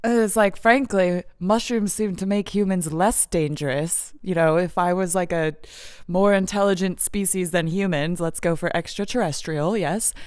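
A woman's voice: mid-range voice, smooth, dry recording, clean studio sound. A woman talking in a casual, meandering monologue, full of fillers and frequent laughs.

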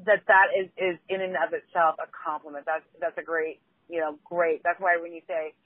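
A woman's voice: fairly low pitch, flat delivery, normal speed, no echo. A woman co-hosting a casual podcast, who tells a story bluntly and often restarts her sentences. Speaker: co-host. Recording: dry, phone-like line.

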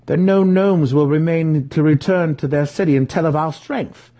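A man doing a desperate young dark elf. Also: fairly high pitch, moderate pace, voice pushed up, lightly acted. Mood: urgent. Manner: urgent, reasoning.

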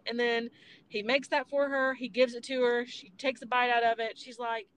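A young woman chats casually about a movie, rambling through the plot and acting out lines as she goes. Her voice sits a little high, and faint background noise runs under the recording. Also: level tone, moderate pace, fairly bright tone. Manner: rambling, retells scenes with quoted voices, swears. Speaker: podcast host.

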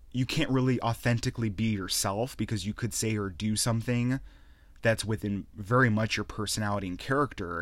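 Low-voiced man ranting, dry close sound. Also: dry recording. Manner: profane, ranting, animated storytelling. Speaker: podcast host. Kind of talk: casual solo rant.

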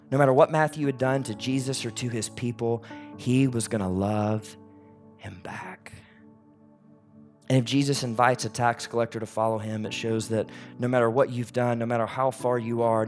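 A man preaching a sermon as a pastor, in an animated, conversational way. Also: medium pitch.

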